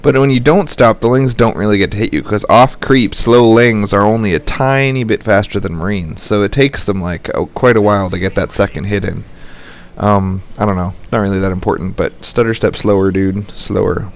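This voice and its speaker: A young man giving casual, joking commentary over a strategy game at his computer, explaining tactics. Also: normal speed. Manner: joking, playful, jumps into high squeaky voices when quoting. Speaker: game caster and coach.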